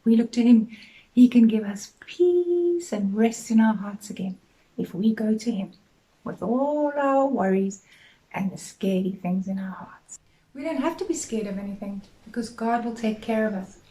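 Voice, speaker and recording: A middle-aged woman teacher gently speaking to young children in an assembly talk, telling them a story in a sing-song way. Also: on the high side, animated, normal speed, poor audio.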